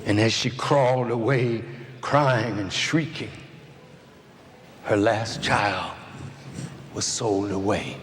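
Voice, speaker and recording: A man giving an impassioned speech, deliberate and building to shouted peaks. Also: on the low side. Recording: archive recording with long hall reverb and faint noise.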